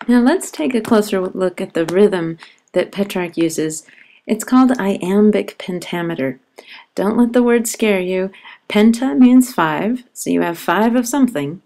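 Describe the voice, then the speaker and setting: Low, gravelly-voiced woman explaining poetry. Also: dark tone. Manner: explanatory, reads poems aloud slowly. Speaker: literature teacher. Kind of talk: educational narration over slides.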